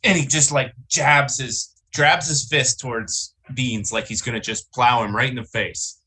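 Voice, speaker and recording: A man's voice: medium pitch, steady tone, unhurried, bright, forceful tone, breathy edge, rough recording. A man describing his character's actions as a player in a tabletop game.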